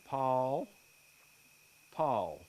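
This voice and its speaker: A man voicing an old country wife who talks out of the side of her crooked mouth in a slow drawl. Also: mid-range voice, very animated, a little mellow. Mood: fussing.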